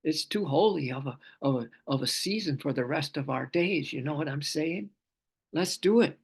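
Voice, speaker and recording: A gravelly-voiced man leads a scripture class, pitched a little high. He speaks fervently, circling back on his phrases and drawing out long chanted vowels. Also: lively intonation, normal speed. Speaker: spiritual teacher.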